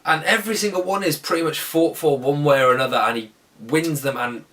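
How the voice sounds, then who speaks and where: A man's voice: on the high side, a little fast, a bit bright, far from the mic. A man giving a casual, enthusiastic film review, rambling and often correcting himself mid-sentence. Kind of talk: casual spoken movie review.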